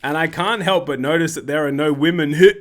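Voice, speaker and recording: A man's voice: a little high, fairly quick, natural voice. A man voicing an earnest Scandinavian orator. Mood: impassioned. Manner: articulate, earnest speechmaking. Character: impassioned Scandinavian man at a council.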